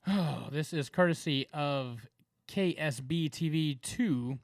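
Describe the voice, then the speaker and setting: A man's voice: a little high, slow, dry recording. Man, Southern accent, podcast co-host, casual rambling chat, laughs often, dry recording. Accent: Southern American. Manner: laughing, rambling, filler-heavy.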